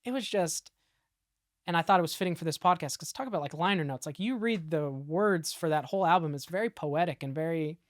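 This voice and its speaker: A woman's voice: deep voice, brisk, dry recording. A woman in her late twenties, a guest musician, chatting casually and animatedly, full of fillers. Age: late 20s. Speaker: guest musician in a rock duo. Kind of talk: casual podcast chat.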